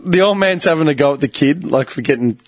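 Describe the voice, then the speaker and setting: A lively man with a somewhat husky voice, telling stories in loose, profane banter. His pitch swings widely as he gets worked up. The sound is dry and close. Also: quick pace, no room sound. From Australia. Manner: swearing, animated storytelling, bursts of laughter. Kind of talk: casual chat.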